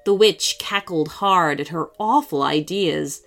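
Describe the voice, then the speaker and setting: A woman narrating a children's bedtime story in an expressive, storytelling manner. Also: deep voice, measured pace, vocal fry, hardly any pauses, soft background music.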